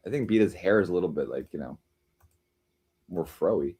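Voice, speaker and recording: A man's voice: low-pitched, expressive, normal speed, darkish tone, husky. A man hosting a live stream, chatting casually with viewers and reading their comments, rambling and teasing as he jumps from joke to joke. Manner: rambling, teasing, jumps between jokes and chat replies.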